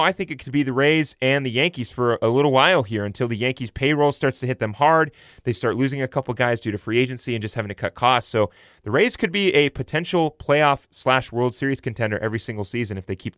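A man's voice: mid-range voice, fairly bright tone, no room sound, studio quality. Rambling young man talking baseball. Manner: rambling, self-correcting, frequent fillers and restarts. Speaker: sports podcaster. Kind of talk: casual baseball commentary.

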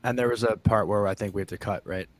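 Young man rambling in a dry low voice. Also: fairly even intonation, fast, dry recording. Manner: rambling, many fillers and restarts. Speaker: sports reporter, co-host. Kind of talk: casual sports chat. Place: home room.

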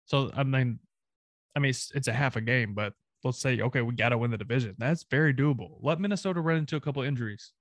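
Southern male co-host, emphatic and profane, mid-pitched, dry recording. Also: fast, dry recording. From American South. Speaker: sports podcast co-host. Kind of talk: casual sports chat.

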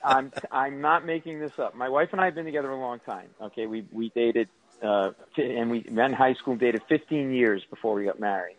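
A man's voice: mid-range voice, a little fast, lo-fi sound. A middle-aged man, a stand-up comedian, telling exaggerated, self-mocking stories as a radio guest. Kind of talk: comic storytelling on radio.

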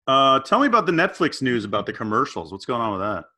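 A man co-hosting a casual comedic chat, telling animated stories and jumping up in pitch whenever he quotes someone. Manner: animated storyteller, jumps up in pitch for quoted voices. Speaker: podcast co-host.

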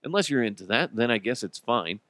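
Male podcast host, lively swooping pitch, profane, laughs a lot, dry close sound. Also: a little fast, no room sound. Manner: profane, animated, laughs often. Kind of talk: comedic solo commentary.

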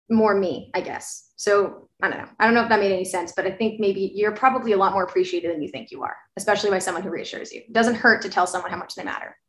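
A young woman in her twenties, a podcast co-host, chatting casually over a video call in a rambling, apologetic way, full of fillers. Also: mid-range voice. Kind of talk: casual chat. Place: apartment bedroom, from the US. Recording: echoey room.

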